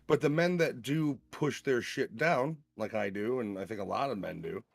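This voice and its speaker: A man in casual chat on a livestream, telling animated, profane, jokey stories. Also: mid-range voice, normal speed, gravelly, no echo.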